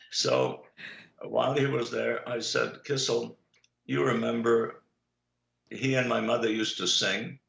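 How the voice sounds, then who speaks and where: An older man telling personal stories in an interview, unhurried and anecdotal, pausing often on "uh". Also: medium pitch, fairly even intonation, creaky, fairly bright tone. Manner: unhurried anecdotal storyteller, many "uh" pauses. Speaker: guest, Holocaust survivor. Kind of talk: storytelling in an interview. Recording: echoey, dull lo-fi recording.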